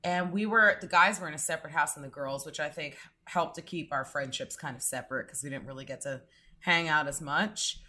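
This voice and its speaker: A woman's voice: deep voice, a little fast, pushed and bright. A woman co-hosting a podcast who chats and teases her guest, swearing casually. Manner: teasing, chatty, swears casually. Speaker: podcast co-host.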